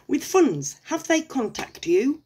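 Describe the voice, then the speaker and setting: Singsong smarmy male scammer, as a woman mocks him, raised pitch, falsely reassuring. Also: big pitch swings, takes it slowly, darkish tone, heavily acted.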